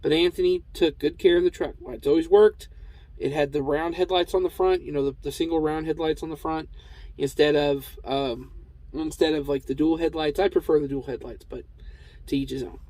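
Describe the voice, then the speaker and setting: A man's voice: a little high, steady tone, fairly quick, a little mellow, dry recording, rough recording. Rambling man telling a trucking story. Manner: rambling, with many fillers and restarts. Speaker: truck driver and vlogger. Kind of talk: casual storytelling.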